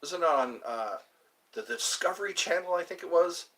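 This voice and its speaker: Chatty male vlogger, slightly high bright voice, loose meandering delivery. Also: sing-song, moderate pace, creaky. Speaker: channel host. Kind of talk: rambling casual vlog chat.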